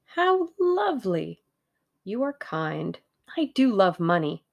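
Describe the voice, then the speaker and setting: A woman reading aloud and voicing an excited, bubbly young woman adventurer who gushes in a high, eager voice with a gravelly texture. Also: measured pace, dull audio.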